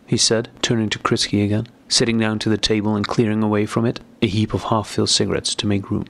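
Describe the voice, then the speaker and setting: Low-voiced man narrating an audiobook. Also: flat delivery, fast, creaky, a bit bright. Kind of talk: scripted narration.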